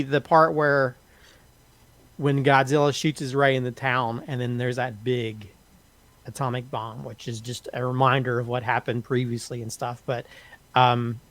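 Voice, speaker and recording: A man reviewing a film on a casual podcast, openly moved and halting, with many restarts and repeated words. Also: medium pitch, no echo. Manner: openly emotional, moved to tears.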